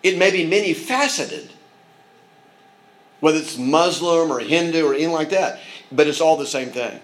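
Male pastor, mid-high voice, earnest sermon delivery full of restarts and asides. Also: moderate pace, a bit bright, poor audio.

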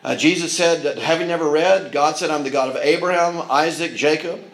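A man's voice: fairly high pitch, brisk, a bit bright, poor audio. A man preaching a sermon in an earnest manner, with frequent restarts and asides. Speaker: pastor.

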